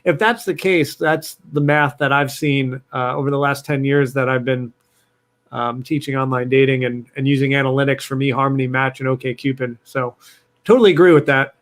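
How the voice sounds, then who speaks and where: A man's voice: mid-range voice, steady tone, moderate pace. A man hosting a live question session, upbeat as he reads out viewer questions. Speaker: host. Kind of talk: live Q&A chat.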